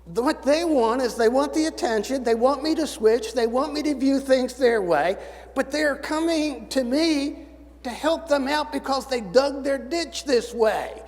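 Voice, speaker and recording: Older male preacher, high voice, reverberant church. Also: a little slow. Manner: folksy storytelling with dry humor. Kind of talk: sermon. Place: church sanctuary. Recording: church sanctuary with long reverb.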